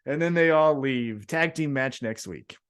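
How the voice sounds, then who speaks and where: A man co-hosting a casual wrestling podcast, recapping events in a profane, sardonic way with quick paraphrased bits of dialogue. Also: mid-range voice, a bit bright, clear, resonant tone. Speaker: podcast co-host.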